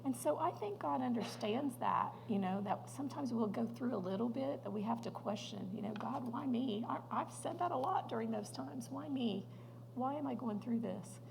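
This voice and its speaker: Gravelly-voiced woman sharing testimony. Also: fairly high pitch, expressive, normal speed, noisy background. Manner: earnest, emotional storytelling with light laughs. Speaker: guest speaker at a women's luncheon. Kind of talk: personal testimony talk. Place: church hall.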